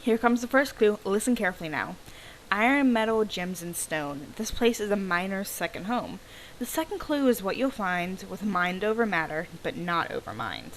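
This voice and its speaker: A woman's voice: mid-range voice, big pitch swings, normal speed, slight background noise, rough recording. A woman reading the lines of a cheerful young man who runs a treasure hunt in a video game, in her own upbeat voice. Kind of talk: reading game dialogue aloud.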